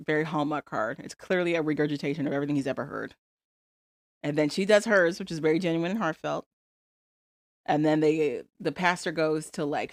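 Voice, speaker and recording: A woman with a lowish voice co-hosts a casual podcast, talking in an opinionated, sarcastic way. The sound is dry and close, with no room echo. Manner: opinionated, sarcastic, laughs often. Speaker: podcast co-host. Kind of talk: casual chat recapping reality TV.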